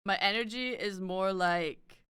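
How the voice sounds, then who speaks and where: A woman's voice: medium pitch, measured pace, pushed and bright, clear, resonant tone, no room sound. A woman streamer chatting casually while she draws, swearing often and laughing a lot.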